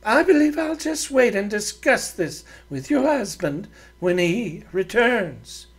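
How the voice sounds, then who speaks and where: A man's voice: big pitch swings, slow pace, husky, full character voice. A man voicing a haughty, prim frontier woman who gives orders in a raised, imperious voice. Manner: imperious, high put-on voice.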